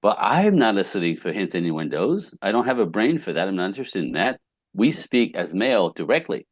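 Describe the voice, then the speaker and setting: A man's voice: low-pitched, very animated, a little fast, dry recording. A middle-aged man, a podcast guest, telling relationship stories with emphasis and acting out the dialogue. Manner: emphatic storyteller, acts out dialogue, laughs often. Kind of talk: animated conversational interview.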